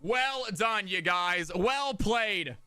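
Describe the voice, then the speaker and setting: A man casting viewer games live on his stream in an energetic, hyped-up way, recorded at home on a close desk mic. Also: high-pitched, drawn-out words, clear, resonant tone. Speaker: streamer and caster.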